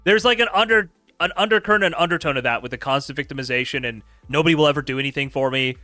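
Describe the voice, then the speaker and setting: A man's voice: a little high, very fast, pushed and bright, no echo, faint music behind. A man hosting a stream, reading chat logs aloud with sarcastic, incredulous commentary. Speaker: streamer host.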